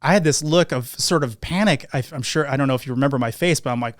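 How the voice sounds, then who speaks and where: A man's voice: medium pitch, fast, hardly any pauses, dry recording, studio quality. A man hosting a podcast, telling a casual anecdote and acting out the quotes. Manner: animated anecdote with acted-out quotes. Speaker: podcast host. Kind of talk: casual storytelling.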